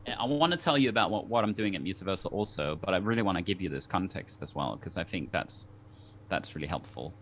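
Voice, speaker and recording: A man's voice: low-pitched, animated, fast talker, fairly bright tone, slight background noise. A man from Denmark, a guest on a talk show, telling a personal story in an earnest, reflective way with many restarts.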